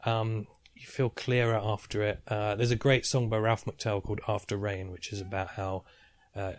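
A man's voice: fairly low pitch, level tone, moderate pace. A man co-hosting a podcast in casual chat, playful and laughing often, with exaggerated asides. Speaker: podcast co-host.

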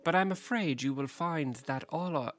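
A podcaster voicing a friendly male Venusian spaceman with a slight put-on accent, speaking slowly and drawn out. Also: medium pitch, close to an everyday voice. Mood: smug, friendly.

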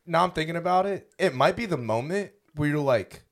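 A man's voice: a little high, expressive, a little fast. A young man co-hosting a podcast, talking casually in rambling, self-interrupting bursts. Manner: rambling, restarts often, laughs through his points. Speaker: podcast co-host. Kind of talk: casual chat.

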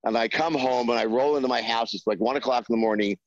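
A man telling a behind-the-scenes anecdote in an interview, halting with many fillers and acting out the voices he quotes. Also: medium pitch, dry recording, lo-fi sound. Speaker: screenwriter guest.

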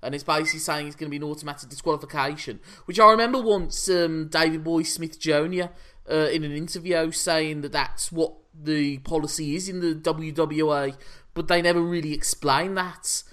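A man's voice: a little high, fairly even intonation, brisk, pushed and bright. An opinionated, teasing man from England co-hosting a casual wrestling chat show, rambling through his points. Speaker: podcast co-host.

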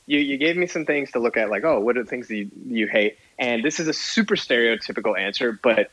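A man's voice: medium pitch, fast, rough recording. A man, a podcast guest, casually telling an exasperated story and acting out both sides of an argument. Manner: animated, exasperated retelling with quoted dialogue.

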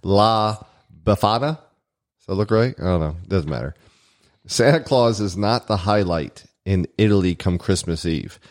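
Deep-voiced man reading trivia aloud. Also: expressive, normal speed, no echo, clean studio sound. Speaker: podcast co-host.

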